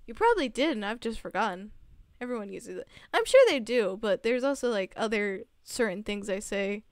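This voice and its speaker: A woman's voice: medium pitch, expressive, fairly quick, no echo. A young woman with a Southern American accent chatting casually with her live chat as a streamer, laughing often. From Southern United States. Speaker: livestreamer.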